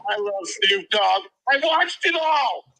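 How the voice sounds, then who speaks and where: A man calling into a podcast in casual chat, excitable and stammering, often laughing. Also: sits high, slow pace, creaky, rough recording.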